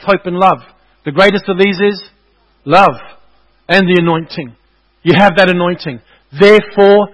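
A man with a notably high voice preaches to his congregation, hammering his points home through repetition. He speaks as a pastor in a church service. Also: a bit bright, low-quality recording. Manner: emphatic, repetitive exhortation to the congregation. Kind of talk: sermon.

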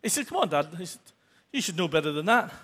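Man, 60s, testimony at church, earnest and stumbling, higher voice. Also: very animated, fairly bright tone, breathy edge. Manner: halting, many restarts and fillers; earnest, grows emotional toward the end. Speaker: church member giving testimony. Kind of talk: unscripted testimony.

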